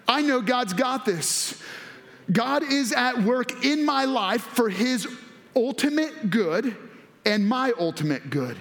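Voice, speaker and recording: A man preaching a sermon as pastor, excitable and animated, swinging between hushed and loud with a half-laughing delivery. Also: very high-pitched.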